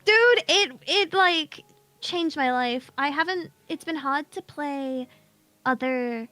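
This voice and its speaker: A woman guest chatting casually, telling animated stories, acting out quotes and laughing a lot. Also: high-pitched, takes it slowly, no echo, faint music behind. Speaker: guest, voice actor. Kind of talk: casual chat.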